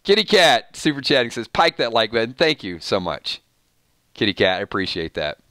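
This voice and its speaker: A laid-back man hosting a live stream, reading viewer comments and answering them casually. His voice is bright and forward, in a mid pitch, and the sound is dry and close, with no room echo. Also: sing-song, moderate pace. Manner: laid-back, laughs often, calls people man. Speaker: host reading live chat.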